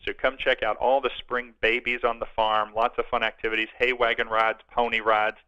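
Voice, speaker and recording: Bright man promoting events on radio. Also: mid-range voice, flat delivery, a little fast, no room sound. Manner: upbeat promotional, friendly. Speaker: museum events guest. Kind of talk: casual radio interview. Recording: dull lo-fi radio sound.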